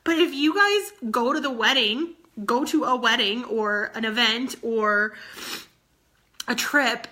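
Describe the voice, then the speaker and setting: A woman in her thirties speaks as a coach to her team, earnest and near tears. Her voice is bright and forceful and sits a little high. She leans on repetition to drive each point home. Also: takes it slowly. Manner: earnest, tearful, repeats phrases. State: close to tears. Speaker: fitness coach. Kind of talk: emotional motivational talk to her team.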